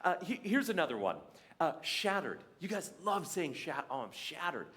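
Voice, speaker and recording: A young Canadian man with a Canadian accent talks to a church gathering in a slightly high voice. His delivery is animated and jokey, and his pitch swings widely from line to line. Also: moderate pace. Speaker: speaker at a church faith day. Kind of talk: sermon-style talk with humour.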